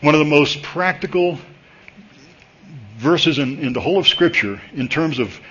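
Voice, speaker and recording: A man preaching a sermon at a church service, talking to the congregation in a conversational, animated way and jumping up in pitch when he gets excited. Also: normal speed, slight background noise. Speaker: pastor. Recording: dull lo-fi recording.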